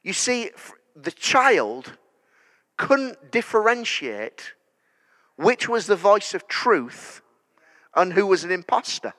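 A man in his thirties preaching a sermon in a church, telling stories that build to loud declarations. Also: high-pitched, very animated, slow, pauses often. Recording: long church hall reverb.

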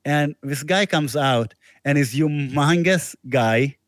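A man's voice: a little high, takes it slowly, no room sound, clean studio sound. A man, a musician guest, telling a long casual anecdote with restarts and laughter. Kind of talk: casual storytelling interview.

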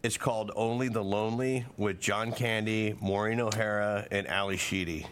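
A man's voice: on the low side, fairly even intonation, normal speed, fairly bright tone, slight background noise. A man co-hosting a casual podcast, talking at length with frequent restarts and fillers. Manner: rambling, many restarts and fillers. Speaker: podcast co-host. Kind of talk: casual chat.

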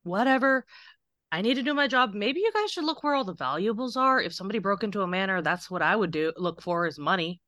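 A woman's voice: medium pitch, animated, fast talker, bright, forceful tone, no room sound, studio quality. A woman voicing a shapeshifter disguised as a young maid who talks back with dismissive indignation. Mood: indignant.

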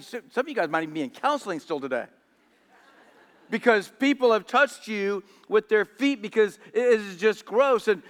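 A man's voice: sits high, fairly bright tone, smooth. A man preaching a sermon in storytelling style, often repeating words as he goes. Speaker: pastor. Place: church hall. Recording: echoey church hall.

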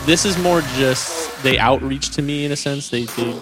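A man's voice: a little high, moderate pace, over music. A man as a guest in a casual interview, talking in a loose, rambling way with many fillers. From California. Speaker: guest, a glover.

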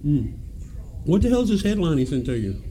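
A man's voice: fairly high pitch, very animated, fairly quick, mellow. A man, a podcast co-host telling rowdy stories with lots of laughter and cursing. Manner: rowdy, laughing, profane storyteller. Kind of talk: casual storytelling chat.

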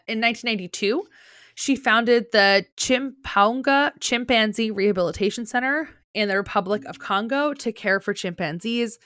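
A young woman with a New Jersey accent co-hosts a podcast, chatting loosely with plenty of "like" fillers and the odd swear word. Her voice sits at an ordinary middle pitch and sounds dry and close to the mic. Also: fairly bright tone, no room sound. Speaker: podcast co-host. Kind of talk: casual chat.

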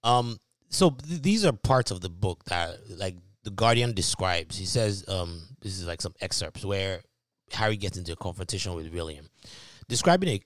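A man co-hosting a podcast in casual chat, reading out news and reacting with animated, mocking asides. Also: sits low, moderate pace, dry recording. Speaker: podcast co-host.

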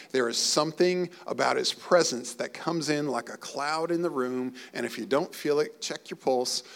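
Guy preaching, gravelly voice, pretty high pitched, gets emotional and builds up. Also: fairly bright tone. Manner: earnest, emotional preaching with rising emphasis. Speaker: pastor. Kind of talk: sermon.

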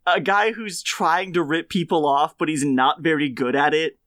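A man's voice: a little high, steady tone, normal speed, a bit bright, no echo, studio quality. A man co-hosting a casual podcast, laughing often and talking enthusiastically about a video game. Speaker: podcast co-host. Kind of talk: casual chat.

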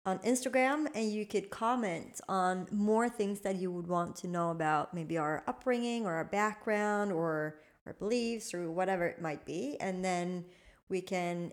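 Low-voiced reflective woman co-host. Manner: thoughtful, reflective, frequent affirming murmurs. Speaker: podcast co-host and trainer. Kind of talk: casual chat.

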